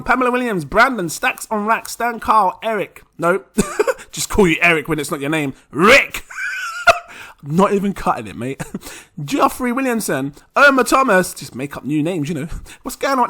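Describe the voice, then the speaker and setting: A young man hosting a casual crypto vlog, chatty and excitable, laughing often. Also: high-pitched. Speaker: crypto channel host.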